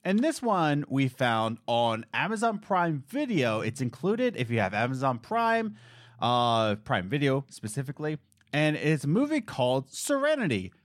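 Lively young man hosting a podcast. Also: medium pitch, moderate pace, dry recording, studio quality. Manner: animated, jokey storytelling with mimicked voices. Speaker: podcast co-host. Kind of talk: casual podcast chat.

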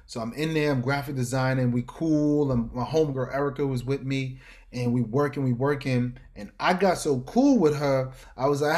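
A middle-aged man from Harlem with a New York accent, a fashion designer telling stories as an interview guest, slangy and animated, acting out the people in his stories. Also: medium pitch, normal speed. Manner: animated storyteller who acts out voices, slangy. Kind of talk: casual storytelling interview.

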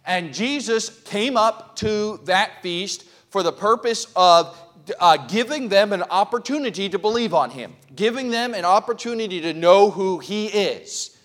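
A pastor preaching to his congregation in a notably high male voice. He builds his sermon into loud, impassioned cries and stops to check that his listeners are keeping up. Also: expressive, measured pace. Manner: asks the congregation questions. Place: church.

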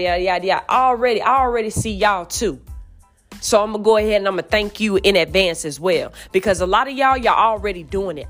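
A woman, hosting a podcast and venting in a heated, profane monologue that rises to yelling. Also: mid-range voice. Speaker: podcast host.

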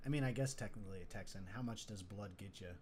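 A man's voice: on the low side, quick pace. Joking man on a noisy stream. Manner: joking, teasing, reads out comments. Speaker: podcast co-host. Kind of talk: casual chat on a live stream.

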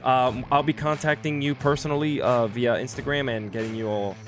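A man's voice: medium pitch, steady tone, brisk, faint music behind. A man co-hosting a podcast over a video call, speaking hesitantly and stumbling over his words. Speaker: podcast co-host. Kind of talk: casual chat.

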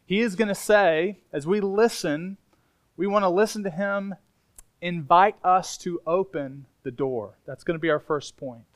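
A male pastor preaching to his congregation in a relaxed, emphatic, conversational way. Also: high-pitched, unhurried. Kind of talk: sermon. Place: church sanctuary.

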